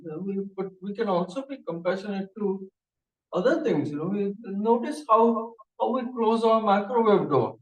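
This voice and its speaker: A man guiding a meditation session, telling gentle anecdotes with soft laughs and asides. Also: high-pitched, moderate pace, muffled recording. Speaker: meditation guide. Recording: echoey room, distant mic.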